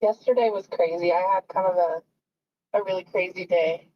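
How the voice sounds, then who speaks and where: An American woman speaking briefly and softly on a voice chat call. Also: fairly low pitch, fairly even intonation, moderate pace, slight background noise. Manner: soft-spoken, brief replies. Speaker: moderator. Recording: dull, distant voice chat.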